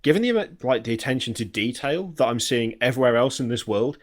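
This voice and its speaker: Relaxed British man rambling about games. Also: mid-range voice, quick pace. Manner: relaxed, rambling, hedging with fillers. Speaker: podcast co-host. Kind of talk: casual gaming podcast chat.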